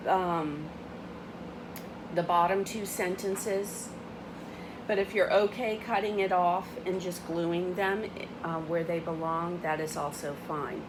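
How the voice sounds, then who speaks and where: A woman's voice: mid-range voice, noisy background. A woman teacher giving patient step-by-step instructions for class work at home.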